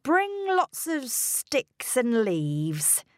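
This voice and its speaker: A woman reads the part of a calm, practical father from a children's storybook. He speaks very slowly and carefully, and his pitch moves lively up and down. The sound is dry and close. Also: dry recording, exaggerated voice. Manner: slow, careful read-aloud delivery. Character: fatherly man, calm and resourceful.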